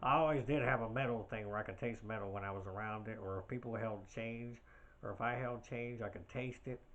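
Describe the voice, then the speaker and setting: A man's voice: on the low side, a little fast, a bit bright, lo-fi sound, slight background noise. A man hosting a podcast, talking alone in a rambling, hesitant way with many fillers and restarts. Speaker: podcast host. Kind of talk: casual podcast monologue.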